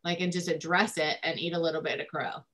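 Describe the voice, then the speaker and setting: A woman's voice: low voice, steady tone, fast talker, a bit bright. A woman family therapist explaining parenting in casual talk, with lots of "um" and "like". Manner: informal, many fillers like "um" and "like".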